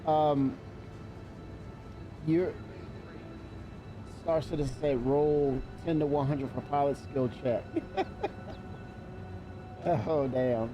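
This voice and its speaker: A man's voice: on the high side, steady tone, takes it slowly, long pauses, music in the background. A man streaming a video game live, chatting loosely, cursing and laughing at what happens on screen. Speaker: livestreamer. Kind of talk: live gameplay stream commentary.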